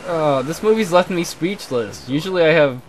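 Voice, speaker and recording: A man's voice: fairly high pitch, expressive, moderate pace, slight background noise. A man giving casual, joking and crude commentary while playing a game. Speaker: let's play host.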